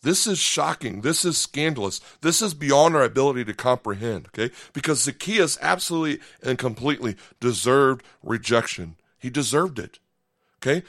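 A male pastor delivers a podcast sermon in a relaxed, conversational manner. He breaks into brief acted-out lines and keeps checking in with his listeners. His voice sits in a middle register and is recorded dry and close to the mic. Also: medium pitch, no echo. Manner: conversational, dramatizing with quick voiced asides, frequent "okay?".

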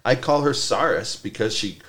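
A man's voice: mid-range voice, animated, moderate pace, fairly bright tone. A man co-hosting a podcast, chatting casually in a blunt, ranting way and repeating himself. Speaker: podcast co-host. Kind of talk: casual chat.

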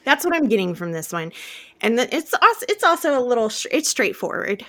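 A woman hosting a podcast in casual chat, expressive and gushing, with frequent exclamations. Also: a little high, a little fast. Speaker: podcast host.

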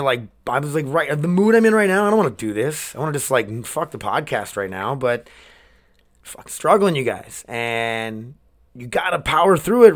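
A man's voice: medium pitch, fairly bright tone. A man in his twenties hosting a solo podcast, rambling and swearing, emotionally worn down. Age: 20s. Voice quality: rambling, swearing, restarts sentences. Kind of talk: casual solo podcast rant.

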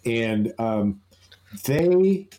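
Podcast co-host, male, mellow tone, loose rambling storyteller. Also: medium pitch, lively intonation, extremely slow, poor audio. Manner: rambling, amused anecdote-telling with many restarts. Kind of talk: casual storytelling chat.

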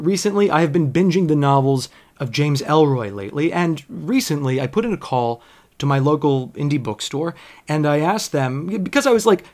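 A man telling a comic story in a monologue, with an animated, self-mocking, frank delivery. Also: fairly high pitch.

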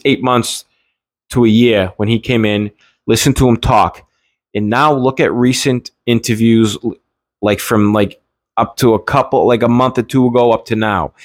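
A man's voice: fairly low pitch, dry recording, studio quality. Man ranting with heated profanity. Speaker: political commentator. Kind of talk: casual ranting monologue.

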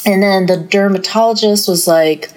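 A woman's voice: mid-range voice, normal speed, darkish tone. A woman, a podcast guest, telling a story in casual chat, rambling with many fillers and quoting others in put-on voices.

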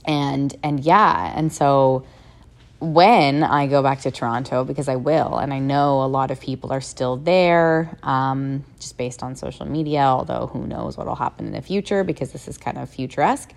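Young woman podcaster, very low voice with vocal fry, open and rambling, swears casually. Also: normal speed. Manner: candid, rambling, swears freely. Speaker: podcast host. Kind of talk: personal reflective monologue.

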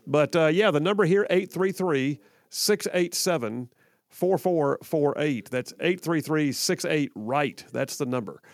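Chatty talk radio host. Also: male voice, a little high, lively intonation, measured pace, no echo. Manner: chatty, joking, repeats himself. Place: radio studio. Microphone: studio microphone.

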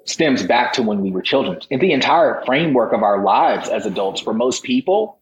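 A man's voice: medium pitch, animated, moderate pace. Impassioned man in an echoey room. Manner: emphatic and preacher-like, with rising bursts of intensity. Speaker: podcast guest, motivational speaker. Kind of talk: impassioned motivational talk. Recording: roomy echo, faint background noise.

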